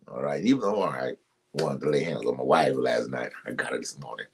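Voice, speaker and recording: A man hosting a ministry live stream, giving casual relationship advice to his viewers. He talks emphatically and repeats himself like a preacher, jumps suddenly in pitch, and greets commenters by name. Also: lively intonation, brisk, vocal fry, fairly bright tone, husky.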